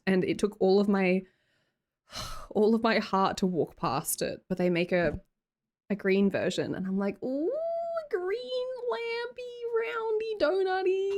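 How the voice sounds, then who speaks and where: A woman's voice: medium pitch, darkish tone. Bubbly young Australian woman streamer. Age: young adult. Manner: bubbly, laughs often, reads chat aloud. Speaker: livestreamer. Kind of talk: casual livestream chat.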